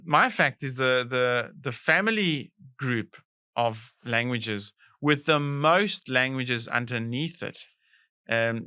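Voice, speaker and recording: A man's voice: medium pitch, bright, forceful tone, clean tone, no room sound, clean studio sound. A man with a South African accent co-hosting a comedy trivia podcast, playful and rambling with lots of fillers. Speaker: podcast co-host. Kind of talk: casual comedic chat.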